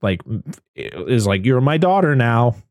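A man's voice: medium pitch, sing-song, a little slow, darkish tone, no room sound, studio quality. Chatty man recapping a movie. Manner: laughs often while acting out characters' lines. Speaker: podcast co-host. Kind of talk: casual movie recap chat.

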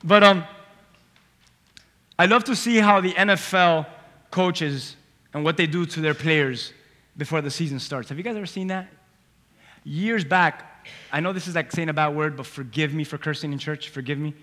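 Animated high-voiced man preaching in a hall. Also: moderate pace, long pauses. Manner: animated preaching that swings from loud emphasis to quiet asides, acting out voices. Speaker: pastor. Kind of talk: sermon. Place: church sanctuary. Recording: long hall reverb. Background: congregation.

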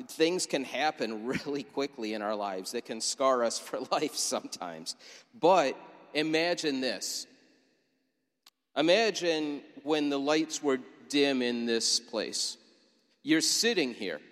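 A man's voice: mid-range voice, fairly bright tone, long reverb tail. A man preaching as pastor, telling a scene vividly and asking listeners to imagine it. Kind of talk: sermon. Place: church sanctuary.

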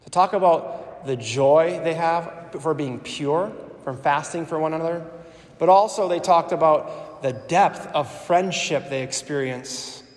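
Earnest preacher in an echoing church. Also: male voice, fairly high pitch, unhurried. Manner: earnest, repetitive, conversational preaching. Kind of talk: sermon. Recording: echoey church with long reverb.

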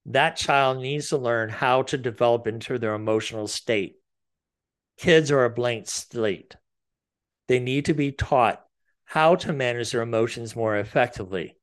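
A middle-aged man, a therapist, talks through his ideas at a very slow, unhurried pace. His voice sits at an ordinary middle pitch. Now and then he acts out soft, gentle lines a parent might say. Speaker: therapist and podcast host. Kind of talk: calm explanatory talk.

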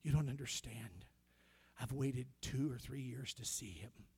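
An American male pastor tells a personal story during a sermon, sinking to hushed whispers and rising to shouted praise. His voice is medium in pitch, gravelly and slightly rough, with a measured pace.

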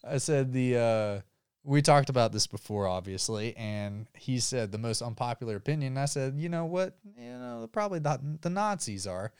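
A man's voice: medium pitch, animated, moderate pace, darkish tone, smooth, no echo, studio quality. A young man co-hosting a casual podcast, joking loosely and cursing, a little tipsy. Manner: loose, joking, profane, says he has been drinking. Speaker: podcast co-host.

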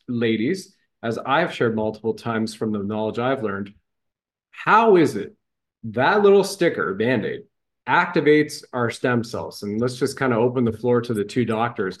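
A man hosting a podcast interview, effusive and full of praise, often restarting his sentences. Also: medium pitch. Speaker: show host.

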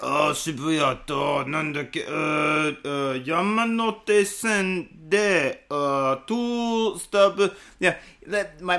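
A man's voice: on the high side, sharp tone. Foul-mouthed man rambling on a podcast. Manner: profane, rambling storytelling. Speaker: podcast host. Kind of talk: casual podcast chat.

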